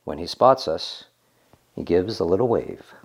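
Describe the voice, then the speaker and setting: A man narrating a scripted story in a reflective, gently wry manner. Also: low voice, animated, measured pace, slight background noise.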